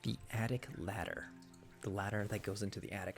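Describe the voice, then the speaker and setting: Tired ASMR stream host, rambling soft chat, gravelly fry, faint music behind. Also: sits low, fairly even intonation, brisk. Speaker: livestream host.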